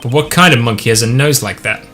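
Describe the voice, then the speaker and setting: A man reading game dialogue aloud, tossing in playful, jokey asides. His voice is bright and forceful, and faint music runs under it. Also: medium pitch, fast. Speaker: let's play gamer reading all parts.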